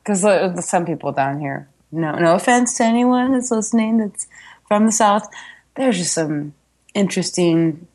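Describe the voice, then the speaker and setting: A woman from Michigan, with a faded Michigan accent, co-hosting a podcast in chatty, animated casual conversation. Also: medium pitch, normal speed. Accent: Michigan, slightly faded. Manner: chatty and animated, with frequent laughs. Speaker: podcast co-host. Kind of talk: casual chat.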